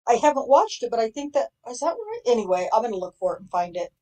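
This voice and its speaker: A woman's voice: fairly high pitch, sing-song, fast talker, darkish tone, poor audio. A woman casually chatting on a livestream as co-host, talking freely and laughing often. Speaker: stream co-host.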